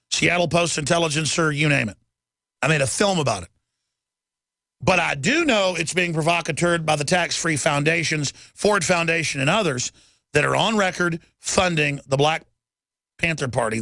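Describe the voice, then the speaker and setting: A man's voice: a little high, vocal fry, pushed and bright, dry recording. A man hosting a talk radio show, ranting urgently and emphatically, firing off lists. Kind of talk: political rant monologue.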